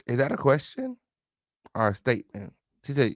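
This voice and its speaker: A man's voice: mid-range voice, wildly swooping pitch, normal speed, no room sound, studio quality. A man hosting an online show, reading court documents aloud to his live chat and commenting on them in a sarcastic, slangy way, with mocking quoted voices. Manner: sarcastic, slangy, talks back to the text.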